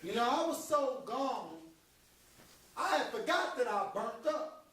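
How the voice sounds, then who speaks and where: A man's voice: very high-pitched, lively intonation, unhurried. An actor on a theater stage playing a veteran male stand-up comic who teases the crowd and then turns reflective. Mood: joking. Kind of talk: live stage stand-up impression. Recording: very echoey hall heard from far off.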